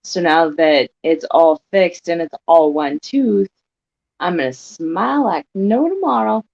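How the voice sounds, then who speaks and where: A woman's voice: lowish voice, expressive, measured pace, creaky, a little mellow. A woman chatting casually on a livestream, giggly, upbeat and self-deprecating. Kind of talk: casual chat. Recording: slightly muffled audio.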